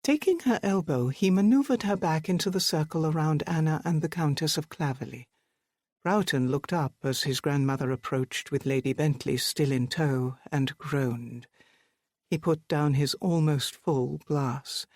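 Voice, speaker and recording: An audiobook narrator reading a period mystery in an even, measured way. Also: medium pitch, dry recording, studio quality. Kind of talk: scripted narration.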